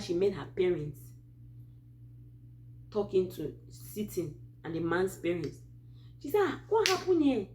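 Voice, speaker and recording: This Christian advice channel host is a woman from Cameroon who narrates a true story in Cameroonian English, chatty and animated with many tangents. Her voice is mid-range, and a slight hiss or hum runs through the recording.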